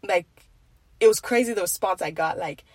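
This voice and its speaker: A woman's voice: mid-range voice, moderate pace, dry recording. A young woman from Nigeria talking in an earnest, rambling way about faith and marriage. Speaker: faith vlogger. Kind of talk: casual faith monologue.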